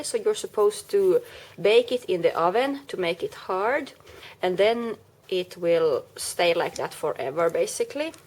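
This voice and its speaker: A woman who makes crafting videos walks through a project in a chatty, casual tutorial, explaining each step with small self-corrections. Her mid-range voice sounds a little mellow.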